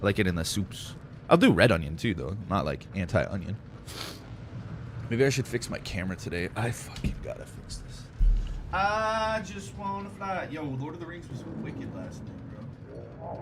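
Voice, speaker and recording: Young male gaming streamer, lowish voice, laid-back rambling chatter, faint hiss behind. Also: expressive, normal speed. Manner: rambling, laid-back, heavy use of "like" and "dude". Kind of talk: casual chat while playing.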